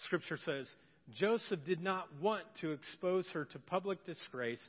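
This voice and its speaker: Pastor guy preaching, high voice, jokey and animated, does little voices, echoey church hall, kinda muffled. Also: moderate pace. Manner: humorous, animated, acts out voices of people in the story. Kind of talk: sermon. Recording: muffled church hall recording with long reverb.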